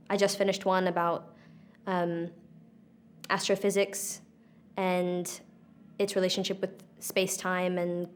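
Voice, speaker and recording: A woman in her twenties from Alabama, an acting graduate, introducing herself in an earnest, reflective way. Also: mid-range voice. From United States (Alabama). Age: 20s. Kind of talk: self-introduction to camera.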